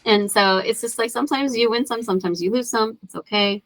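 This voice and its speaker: A woman in her thirties, a guest on a podcast, chatting casually in an animated, profane way and acting out quotes as she tells stories. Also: on the high side, fairly quick, no echo, low-quality recording.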